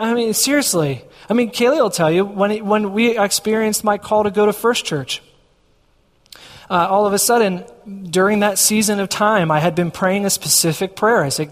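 High-voiced preacher in a reverberant hall. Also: male voice, moderate pace. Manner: storytelling, acts out dialogue with God. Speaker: pastor. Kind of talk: sermon.

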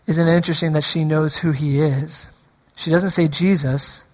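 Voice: mid-range voice, fairly even intonation, normal speed, long reverb tail. A preacher delivering a sermon, repeating key lines for emphasis and drawing the congregation in.

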